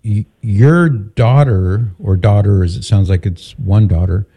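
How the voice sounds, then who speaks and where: Man, radio host, calm and measured, low voice, very warm dark tone. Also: slightly rough. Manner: calm, measured, steering the caller. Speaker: radio talk show host. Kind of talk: call-in radio conversation.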